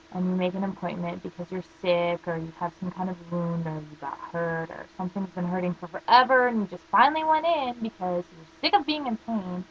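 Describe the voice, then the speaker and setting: A woman's voice: on the low side, a bit bright, dull audio. A teenage girl ranting casually to camera, rambling through stories full of "like" fillers. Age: teens. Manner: rambling storytelling, constant "like" fillers. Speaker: vlogger.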